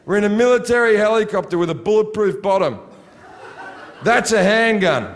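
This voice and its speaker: A comedian doing a calm army gunner. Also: male voice, high-pitched, moderate pace, long reverb tail. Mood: amused.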